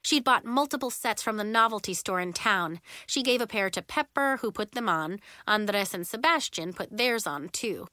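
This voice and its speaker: A woman narrating a children's chapter book in a clear, even storytelling manner. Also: mid-range voice, normal speed, few pauses, dry recording, studio quality. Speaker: audiobook narrator.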